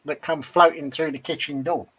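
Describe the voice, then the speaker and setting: Dry-humoured co-host, higher male voice. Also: steady tone, moderate pace, a bit bright, slight background noise, low-quality recording. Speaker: co-host of a model-building livestream. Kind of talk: casual chat.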